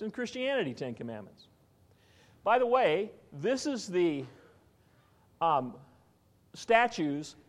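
A man preaching a sermon in an animated teaching style, often asking his listeners questions. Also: on the high side. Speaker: pastor.

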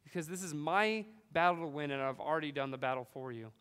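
A man from California preaching a sermon, animated storytelling with frequent "right?" asides. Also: on the high side, fast, clear, resonant tone, big-room sound. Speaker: pastor.

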